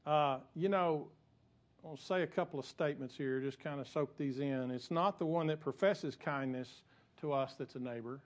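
A man's voice: fairly high pitch, moderate pace. A male pastor, preaching a sermon in a conversational way that builds to emphatic peaks.

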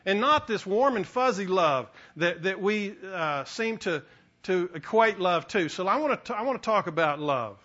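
A middle-aged man preaching a sermon as pastor, animated, building to emphatic peaks with frequent restarts. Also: sits high, moderate pace, lo-fi sound.

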